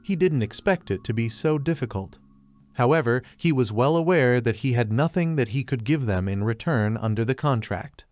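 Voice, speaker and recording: A man narrating a manga recap in a flat, retelling manner, recounting each scene in reported speech. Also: mid-range voice, moderate pace. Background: faint music.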